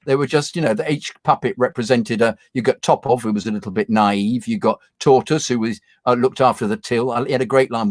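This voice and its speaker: Animated man telling stories. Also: medium pitch, a little fast, few pauses, dry recording, studio quality. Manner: animated storyteller, acts out quoted voices. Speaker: actor guest. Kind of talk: casual chat, anecdote telling. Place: home video call. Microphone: video call.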